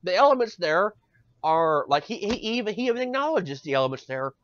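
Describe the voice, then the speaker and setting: A man's voice: sits high, very animated, a little fast, fairly bright tone, no room sound. Sarcastic ranting male podcast host. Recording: dull dry lo-fi recording.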